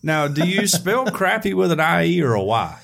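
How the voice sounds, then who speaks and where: A man's voice: on the high side, big pitch swings, moderate pace, creaky, a bit bright. A man in his thirties with a Southern accent, co-hosting a podcast and telling stories with lots of laughter and playful teasing. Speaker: podcast co-host. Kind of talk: casual podcast banter.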